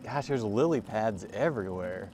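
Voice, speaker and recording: A man in his forties with a lowish, darkish, animated voice speaks at normal speed while livestreaming from a cargo bike by a lake. He rambles and entertains himself chatting casually with viewers, against clear outdoor ride noise.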